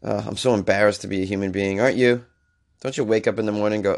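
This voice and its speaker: A man's voice: fairly low pitch, fairly even intonation, fast talker. A man hosting a comedic news podcast, under the weather, reading stories and ranting in exasperation. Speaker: podcast host.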